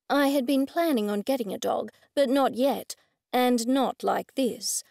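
Female audiobook narrator, first-person cozy mystery, fairly high voice, dry close recording. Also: measured pace, vocal fry, a little mellow, no echo.

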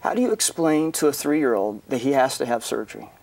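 A middle-aged man of ordinary pitch tells a painful family story as a pastor. He is earnest and halting, often restarting his sentences. He sits a bit back from the microphone. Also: sing-song, creaky, a little mellow, distant mic. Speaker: pastor, guest author. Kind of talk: emotional personal testimony.

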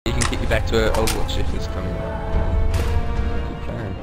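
A man doing let's play commentary on a co-op game, excitable and often yelling and laughing. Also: fairly low pitch, normal speed. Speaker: gamer playing co-op. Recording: loud music over the game audio. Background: loud background music, gunfire.

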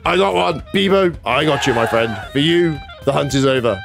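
A man's voice: fairly high pitch, animated, normal speed, gravelly, few pauses. A man giving casual gameplay commentary, chatty, self-mocking and easily exasperated. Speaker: gaming YouTuber. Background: faint background music.

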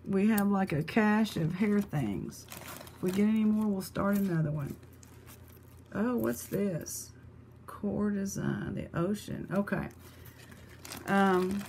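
Woman vlog host, unhurried, chatty, exclaims over finds, faint hum behind. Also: medium pitch. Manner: chatty, exclamatory, thinking aloud. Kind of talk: casual vlog chat showing thrift finds.

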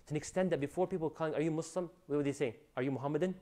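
A man giving an animated religious lecture, preaching with loud rising emphasis and Arabic phrases mixed in. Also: fairly high pitch, very fast. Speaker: Islamic lecturer.

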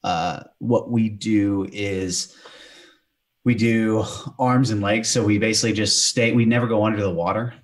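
A man's voice: lowish voice, steady tone, measured pace. A man hosting a casual podcast chat, explaining a technique step by step. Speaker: podcast host, rescue swimmer.

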